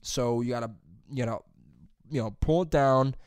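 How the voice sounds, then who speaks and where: A young man chatting casually as a podcast co-host, swearing freely and breaking into loud high-pitched impressions. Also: normal speed, smooth, no echo, studio quality. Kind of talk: casual chat.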